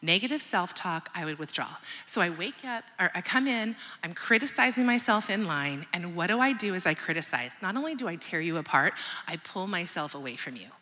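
A woman's voice: fairly low pitch, expressive, brisk, hardly any pauses, pushed and bright. A woman in her thirties giving a candid, conversational motivational talk to a mothers' group, often asking the audience questions. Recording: long hall reverb.

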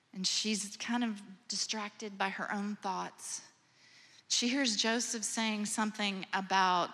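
A woman, a mother herself, retelling a scripture story as a gentle, imaginative sermon with hushed moments. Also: medium pitch. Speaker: preacher or speaker. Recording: long hall reverb.

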